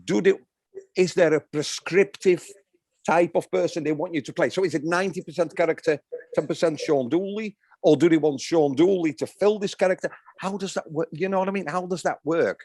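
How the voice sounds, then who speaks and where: A man's voice: a little high, fairly quick, darkish tone, dry recording, studio quality. A male podcast co-host in casual chat, asking a long rambling question full of fillers.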